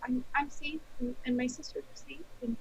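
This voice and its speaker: A woman's voice: high-pitched, steady tone, normal speed, lo-fi sound, noisy background. A woman voicing an anxious young witch student who stammers and pleads in a tabletop game.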